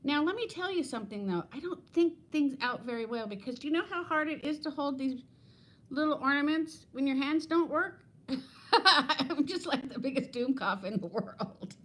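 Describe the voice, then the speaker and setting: A woman's voice: high-pitched, animated, moderate pace, a bit bright. A woman in her fifties hosting a casual livestream from home on her phone, chatting in a rambling way, laughing often and greeting viewers by name. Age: 50s. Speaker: livestream host.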